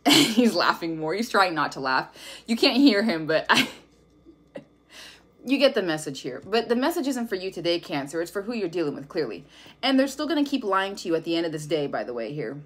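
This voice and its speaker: A woman's voice: lowish voice, lively intonation, quick pace. Brief: woman tarot reader, casual, blunt and profane delivery. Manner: blunt, profane, laughing often. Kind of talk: casual tarot reading to camera.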